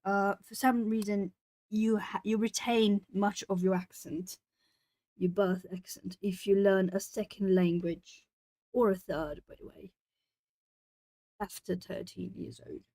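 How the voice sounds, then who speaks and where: A woman's voice: medium pitch, steady tone, a little slow, darkish tone, dry recording. Rambling Brazilian-born woman streamer. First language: Portuguese. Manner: chatty, rambling, reads chat aloud. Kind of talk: casual chat while colouring.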